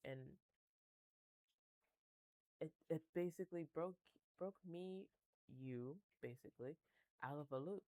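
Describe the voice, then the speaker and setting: Casual tarot reader, rambling and chatty, dark mellow tone, dry close sound. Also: medium pitch, slow, long pauses, no room sound, poor audio. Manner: rambling, chatty, with frequent laughs and casual swearing. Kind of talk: casual tarot reading to camera.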